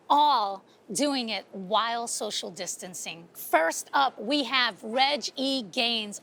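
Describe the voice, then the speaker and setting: Out in front of a cafe, a Brooklyn woman whose voice sits on the high side works through a solo monologue for the show she hosts. Her streetwise energy drives the animated storytelling, which fits a host and playwright from New York. A slight hiss or hum runs underneath.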